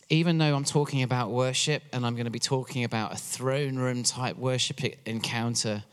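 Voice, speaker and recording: A man's voice: mid-range voice, fairly bright tone, smooth. A man from England with an English accent, a church worship director giving a chatty, joking message to a congregation. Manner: chatty, joking, encouraging crowd. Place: church hall. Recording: long hall reverb.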